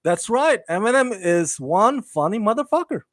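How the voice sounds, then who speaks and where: A man's voice: high voice, very animated, moderate pace, dry recording. A man hosting a live entertainment news stream, chatting casually and reading out viewer comments with enthusiastic, rambling asides and many fillers.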